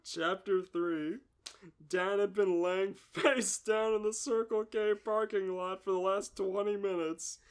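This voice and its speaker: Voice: mid-range voice, fairly even intonation, clean tone. A storyteller reading a comedic story aloud, often breaking into laughter. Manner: giggly, reads slowly.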